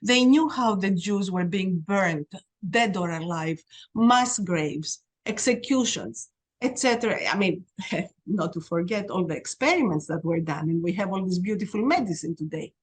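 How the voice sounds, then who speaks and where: A middle-aged woman from Greece, a podcast guest telling stories in a lively way and acting out the dialogue. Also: fairly low pitch, moderate pace, breathy edge. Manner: animated storyteller, reenacts dialogue. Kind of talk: storytelling interview.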